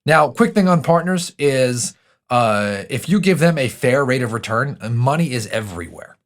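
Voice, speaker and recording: Male podcast host, pep-talk delivery, animated pitch, talks straight to the listener. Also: moderate pace. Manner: emphatic, coaching, direct address.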